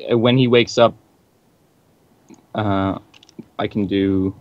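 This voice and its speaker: A man's voice: lowish voice, fairly even intonation, takes it slowly, no echo, lo-fi sound. A man playing a tabletop game online, talking in a laid-back way as he describes his moves. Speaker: player. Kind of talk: casual tabletop game chat.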